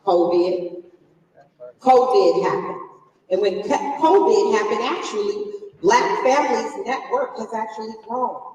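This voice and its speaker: A woman's voice: a little high, measured pace, a little mellow, lo-fi sound. A woman in her forties giving a motivational business talk from a conference stage, quizzing the audience and telling a personal story. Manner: conversational, quizzes the crowd, emotional personal story. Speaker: conference speaker. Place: large conference hall stage. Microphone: distant from the recording mic. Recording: echoey hall captured from far off.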